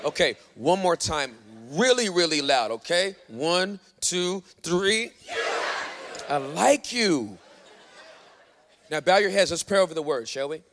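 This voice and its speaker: Man preaching, lively up-and-down voice, pushes the crowd, lots of repeats, big echoey church. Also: on the high side, slow pace, slight background noise. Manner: emphatic, repeats himself, urges the audience. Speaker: pastor. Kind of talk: sermon. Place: church hall. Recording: echoey hall.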